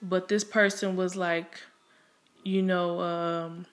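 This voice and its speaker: A woman's voice: lowish voice, flat delivery, slow. A young woman talking frankly to the camera in a personal monologue, emphatic and conversational, with plenty of cursing, fillers and restarts.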